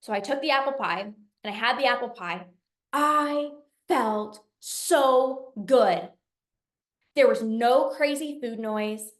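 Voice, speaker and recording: A woman's voice: a little high, slow, echoey room. A young adult woman coaching in a masterclass, telling a story emphatically and acting out her own inner voice. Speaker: binge eating coach.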